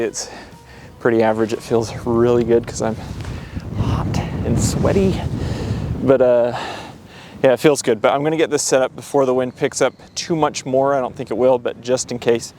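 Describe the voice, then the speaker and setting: A man's voice: medium pitch, a little mellow. A man vlogging outdoors on windy tundra as a wildlife photographer, enthusiastic and rambling, with lots of fillers and a bit out of breath. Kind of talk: casual vlog to camera.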